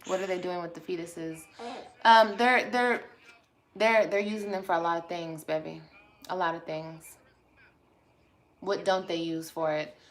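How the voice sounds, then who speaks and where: A woman vlogger with a fairly low voice and fairly even intonation chats unhurriedly on a livestream, pausing at length, with slight background noise. Replying to comments, she's blunt, sassy and profane as she scolds her viewers.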